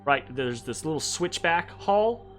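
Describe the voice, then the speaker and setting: Bright-voiced man running a tabletop game. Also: fairly high pitch, lively intonation, a little slow. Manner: casual, loose, with many fillers and tag questions. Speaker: game master. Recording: faint background music.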